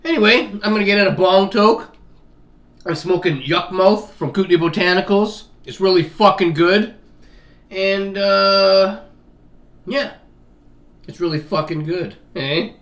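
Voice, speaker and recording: Crude Canadian man, eh-heavy and high. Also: unhurried, long pauses, fairly bright tone. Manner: crude, swearing, laughing, tags lines with "eh". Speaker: vlogger. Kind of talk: casual vlog chat. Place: home kitchen table.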